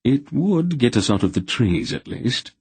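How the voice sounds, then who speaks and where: A man's voice: medium pitch, very animated, a little slow, darkish tone, slightly rough, no echo, voice pushed up, exaggerated voice. A man voicing a wry, sardonic spy with dry understatement.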